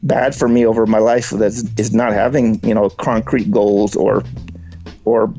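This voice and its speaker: Gravelly rambling man, laid-back. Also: lowish voice, level tone, measured pace, dark tone, soft background music. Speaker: podcast guest. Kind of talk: casual chat.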